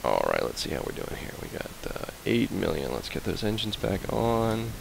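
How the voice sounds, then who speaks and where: Low gravelly guy chatting through his game, bouncy pitch, hums to himself. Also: huge pitch swings, moderate pace, background noise. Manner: chatty, playful, hums and repeats fillers. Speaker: let's play host. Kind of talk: casual game commentary.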